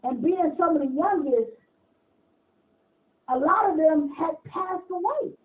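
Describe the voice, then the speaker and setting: A woman telling casual stories in an interview, animated, laughing often, swearing freely and acting out other people's lines in quick bursts. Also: very high voice. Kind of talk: casual storytelling. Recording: tinny phone-like audio.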